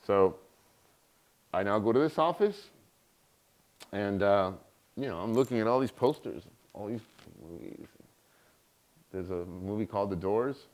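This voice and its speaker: Low-voiced man telling a story in a lecture. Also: a little slow, long pauses. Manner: animated, acts out quoted voices. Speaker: guest lecturer.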